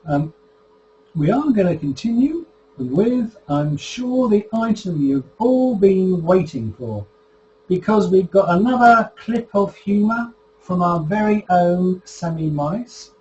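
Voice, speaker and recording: An older host introducing the next item, dry and jokey, taking his time over every phrase. His voice sits a little high for a man, with a faint background hiss. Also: very animated, takes it slowly, a little mellow, muffled recording. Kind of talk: casual show presenting.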